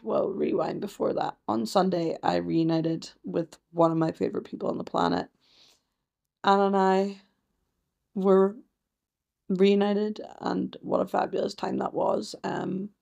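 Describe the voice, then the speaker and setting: A woman's voice: medium pitch, vocal fry, mellow. A young Scottish woman hosting her own podcast diary, self-mocking and playful, sometimes slipping into a sing-song teacher voice. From Scotland. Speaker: podcast host. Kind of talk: chatty solo podcast diary.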